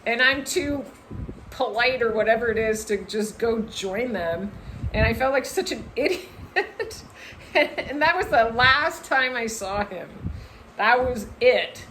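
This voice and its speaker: A woman vlogger telling a personal story to camera in a casual, animated way, full of "like" and acted-out voices. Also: fairly high pitch, takes it slowly, slight background noise, poor audio. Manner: animated, lots of "like", acts out voices in her story.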